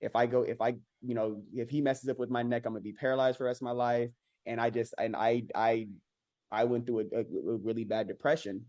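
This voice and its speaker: A man telling his own story as a podcast guest, earnest and halting, with many repeated words and restarts. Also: medium pitch, steady tone, darkish tone. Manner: rises sharply when mimicking others. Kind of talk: candid personal storytelling.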